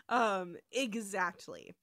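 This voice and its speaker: A woman's voice: fairly high pitch, no echo, clean studio sound. A woman co-hosting a podcast, recapping an episode casually and acting out bits of the dialogue with swearing and enthusiasm. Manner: animated, swearing, acts out dialogue. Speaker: podcast co-host.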